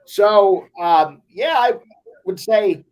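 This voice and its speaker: Hosting a casual sports show, a man from the Las Vegas area speaks with a voice high for a man, animated yet darkish in tone. He halts and stammers through restarts, plugging gaps with "you know."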